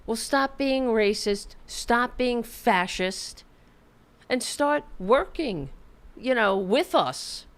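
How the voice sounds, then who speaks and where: On the high side and expressive, this woman takes her time as she hosts a political podcast. Her commentary is an angry rant packed with swearing, repetition, and repeated restarts.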